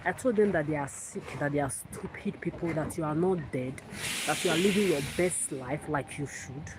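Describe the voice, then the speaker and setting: A woman's voice: low-pitched, normal speed. A woman, hosting a livestream in a defiant, profane, repetitive rant. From Africa. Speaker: livestream host. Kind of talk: angry livestream monologue. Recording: loud background noise.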